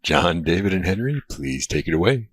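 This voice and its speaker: A man with a very low, slightly husky voice reads a scripted webinar introduction. His delivery is calm and smooth, like a steady announcer. The sound is dry and close. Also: moderate pace, no room sound.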